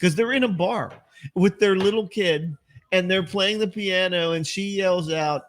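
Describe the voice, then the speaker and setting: A man's voice: high voice, a little slow. A man hosting a casual podcast chat, telling movie-line stories with lots of swearing and laughter. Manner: swearing, laughing storyteller who acts out movie lines. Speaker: podcast host.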